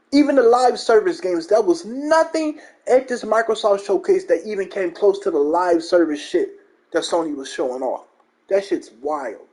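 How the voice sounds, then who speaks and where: Man, young adult, high-pitched, profane, mocking, emphatic, gaming rant. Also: warm tone. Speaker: gaming channel host. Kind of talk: ranting gaming commentary.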